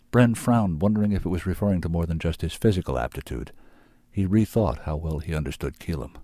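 A man reading a story aloud in an even, measured way, voicing the characters along the way. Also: a bass voice, dry recording, clean studio sound. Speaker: reader of submitted manuscripts. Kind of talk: storybook narration.

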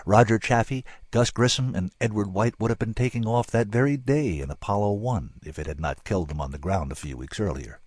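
A man's voice: fairly low pitch, brisk, few pauses, a little mellow, breathy edge, no echo. A man narrating an audiobook in a dry, wry storytelling manner.

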